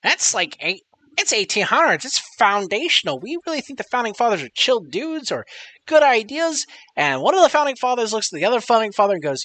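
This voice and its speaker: A man's voice: high voice, sing-song, fairly quick, bright, forceful tone, dry recording. A man streaming live, chatting casually and rambling with lots of swearing while reading chat messages aloud.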